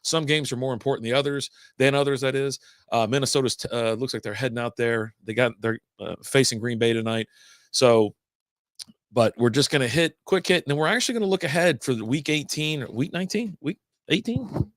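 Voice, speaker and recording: A middle-aged man hosts a casual beer stream from home, talking loosely and correcting himself as he goes. His voice sits at an ordinary pitch for a man. The sound is close and dry, with no room in it. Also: fairly quick, dry recording. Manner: rambling, self-correcting, laid-back. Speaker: beer podcast host. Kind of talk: casual live-stream chat.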